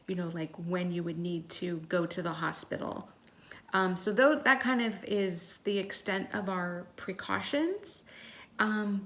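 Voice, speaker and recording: A woman's voice: fairly low pitch, a bit bright. A woman co-hosting a casual podcast, talking in a chatty way with many ums and self-corrections. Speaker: podcast co-host.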